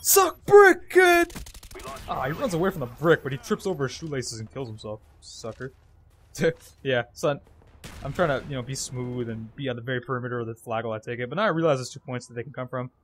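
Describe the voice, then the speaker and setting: A man's voice: medium pitch, fast, slight background noise. A man giving casual, jokey, rambling commentary over his own gameplay. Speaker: gaming commentator.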